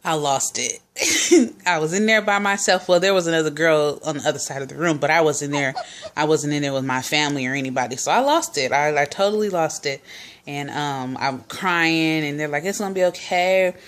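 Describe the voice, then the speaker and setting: A woman's voice: sits low, brisk, a bit bright. A young woman vlogger casually telling a personal story, chatty, full of fillers and quoted dialogue.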